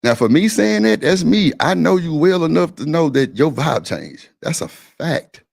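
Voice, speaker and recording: Gravelly-voiced man arguing bluntly. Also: fairly high pitch, very animated, moderate pace. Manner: blunt, profane and insistent. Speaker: host of a live-stream panel. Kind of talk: heated casual argument.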